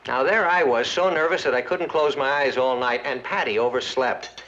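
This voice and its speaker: An actor playing a cheerful, proud middle-aged sitcom father who talks in a lively, jovial way, in dull archival TV audio. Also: mid-range voice, normal speed, natural voice.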